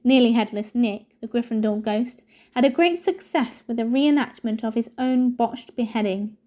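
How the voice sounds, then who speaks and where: A woman reading a novel aloud in a steady storytelling manner. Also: fairly high pitch, normal speed. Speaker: reader.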